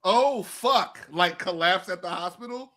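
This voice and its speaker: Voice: mid-range voice, unhurried, fairly bright tone. A co-host in casual chat who reacts bluntly and swears freely. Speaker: podcast co-host.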